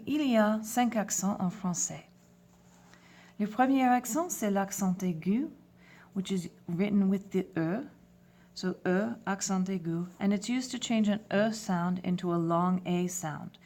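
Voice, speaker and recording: A woman teaching a lesson, speaking clearly and patiently and spelling words out letter by letter. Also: on the low side, a little mellow, slight background noise. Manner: switches between French and English phrases. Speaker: French teacher. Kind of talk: classroom lesson video.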